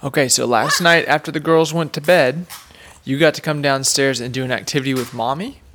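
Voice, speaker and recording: A woman in her thirties hosts a casual family podcast, gently quizzing and praising her young son like a teacher. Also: extremely low pitch, brisk, a little hiss or hum. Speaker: podcast host and homeschooling mother.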